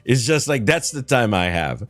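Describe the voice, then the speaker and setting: A man's voice: mid-range voice, sing-song, normal speed, fairly bright tone, dry recording, soft background music. A man from Quebec whose first language is French, with a Quebec French accent, chatting casually on a livestream in a whiny, ranting way, laughing often and swearing. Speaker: streamer.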